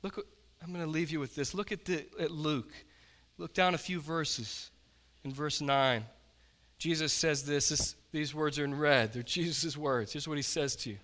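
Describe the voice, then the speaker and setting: A man preaching a sermon as pastor, impassioned, swinging from loud pleading to hushed questions. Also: fairly high pitch, moderate pace, long reverb tail. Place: church.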